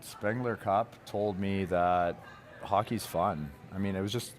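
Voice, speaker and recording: A man's voice: deep voice, unhurried, a little hiss or hum. A man in his thirties from Canada, a hockey player guest on a TV sports interview, candid and joking as he brushes off praise. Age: 30s. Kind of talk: TV sports talk-show interview. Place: arena broadcast set.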